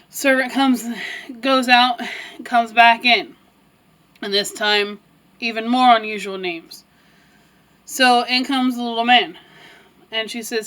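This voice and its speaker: A woman retells a fairy tale in a loose, chatty way, stopping for asides and small laughs. Her voice sits a little high. She sounds like a teacher telling a story to young listeners. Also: a bit bright, low-quality recording. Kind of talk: casual storytelling with puppets.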